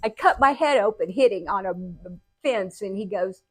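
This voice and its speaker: Older woman telling a lively story. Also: medium pitch, moderate pace, dry recording. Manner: animated, acts out quotes with laughter. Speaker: host telling personal stories. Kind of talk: casual storytelling.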